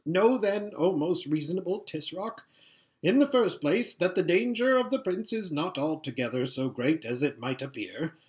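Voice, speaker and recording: A man's voice: on the high side, sing-song, normal speed, a little mellow, pitched above the performer's own voice. A man voicing a fawning, whining old male vizier who talks in flowery, obsequious phrases.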